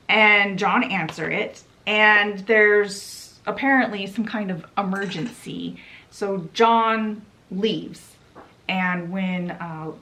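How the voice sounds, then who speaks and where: Woman host, casual book recap, slow delivery. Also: medium pitch. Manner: chatty, relaxed retelling.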